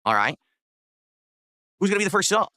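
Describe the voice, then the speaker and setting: A man's voice: high-pitched, very animated, bright, forceful tone, dry recording. A man streaming live, reading out viewer messages and tips and answering chat in a casual, dryly sarcastic way. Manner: fast, chatty, dryly sarcastic.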